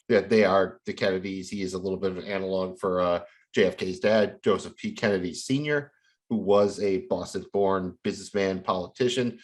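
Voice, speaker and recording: Lower-voiced man explaining at length. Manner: explains in long run-on sentences with many fillers. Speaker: podcast co-host. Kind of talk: casual chat.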